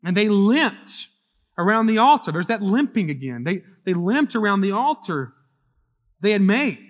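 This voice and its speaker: A male pastor preaching a sermon, reading scripture aloud and explaining it, swinging between loud dramatic lines and hushed asides. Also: sits high, very animated, moderate pace, big-room sound.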